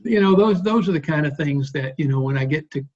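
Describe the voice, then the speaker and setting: A man in his sixties, a guest bass player, telling stories in an interview in a relaxed, rambling way. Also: a little fast, highs cut off. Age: 60s. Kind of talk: interview storytelling.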